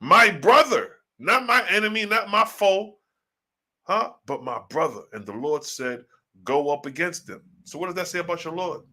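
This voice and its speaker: A man's voice: high voice, lively intonation, moderate pace, sharp tone. A man giving a casual, slang-filled livestream commentary on scripture, asking rhetorical questions and reading passages aloud. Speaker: online religious teacher.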